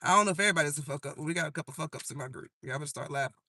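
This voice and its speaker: A man with a high, strikingly bright voice talks through a tarot spread for a live audience. He is casual and profane, teasing viewers and laughing at his own jokes. The sound is close and dry. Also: rapid-fire, no room sound. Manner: breaks into singing old songs. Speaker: tarot reader.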